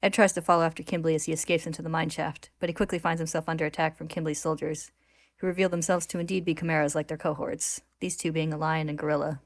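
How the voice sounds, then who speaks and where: A woman narrating a story recap in a steady, clear retelling. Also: low voice, quick pace, dry recording.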